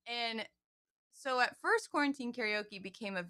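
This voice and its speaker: A woman's voice: on the high side, expressive, moderate pace, pushed and bright. A woman in her twenties, a singer, telling her story in a casual interview, chatty and openly emotional.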